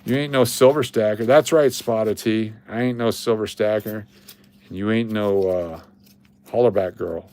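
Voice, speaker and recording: A man's voice: on the low side, fairly even intonation, normal speed, darkish tone. A man hosting a coin roll hunting livestream, rambling, joking and answering his chat as he works. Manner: rambling, jokey, talks to chat.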